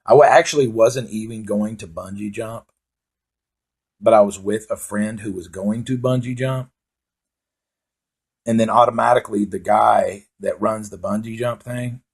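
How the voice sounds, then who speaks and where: A man's voice: on the low side, fairly even intonation, moderate pace, gravelly, long pauses, breathy edge. A man doing rambling, profane stand-up storytelling, full of fillers. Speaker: comedian. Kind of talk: stand-up monologue.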